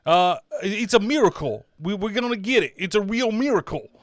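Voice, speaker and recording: A man's voice: sits high, animated, normal speed, no echo, clean studio sound, pitched above the performer's own voice. A man putting on a brash, swaggering priest with a thick Boston accent, like a tough guy from a mob movie. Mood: cocky. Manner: cocky, dismissive, mock-tough.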